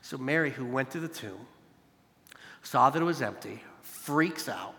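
This preacher has a mid-range voice with sharp tone and lively intonation, keeping a measured pace. Speaking conversationally during an evening service in a large hall, he refers to listeners as "you guys" and uses repeated phrases to build emphasis, while a long reverb tail follows each line.

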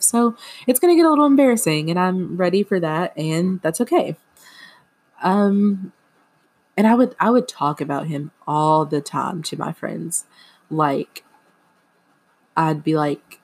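Low-voiced young woman, rambling podcast chat. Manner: rambling, filler-heavy, self-deprecating. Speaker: podcast host. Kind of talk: casual confessional chat.

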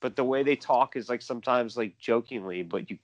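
A man co-hosting a casual sports podcast, talking excitedly, repeating himself and mimicking players. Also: medium pitch, brisk, no room sound, muffled recording. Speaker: podcast co-host.

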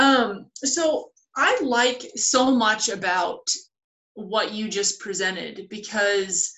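A woman's voice: medium pitch, extremely slow, a bit bright. A woman co-hosting a spiritual podcast, explaining ideas step by step in casual chat. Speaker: podcast co-host. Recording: roomy echoey audio.

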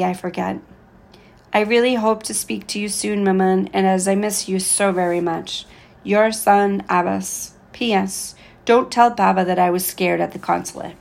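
A woman narrates an audiobook chapter in the first person, calm and steady. Her voice has a creaky, gravelly texture, and the reading stays even and unhurried. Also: medium pitch. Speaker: audiobook reader.

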